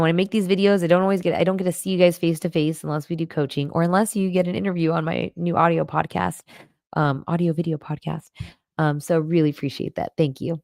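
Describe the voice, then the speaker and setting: A woman with a low, gravelly voice hosts a casual livestream and talks straight to her viewers. She is chatty and warm and at times gets emotional. The sound is close and dry, with no room in it. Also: dry recording. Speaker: livestream host and cancer coach. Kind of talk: casual livestream chat reading comments. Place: home in Arizona.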